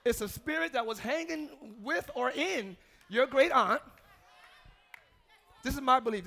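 Pastor guy preaching in church, real high voice, gravelly, yells a lot. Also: a little slow. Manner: preaching with shouts and call-and-response; drops to quiet asides and laughs. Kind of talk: sermon.

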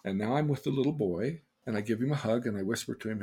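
Older male host, husky voice, earnest storyteller, mid pitch. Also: fast talker. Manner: earnest and emotional, voice swinging between loud and hushed. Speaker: podcast host. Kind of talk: personal storytelling.

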